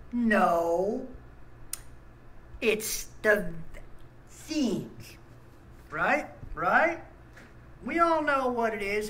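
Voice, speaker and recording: In a low-quality recording with a little hiss or hum, a man's high voice comes across pushed and bright. He runs a small ministry channel and delivers an angry, blunt monologue, stammering and restarting as he rants.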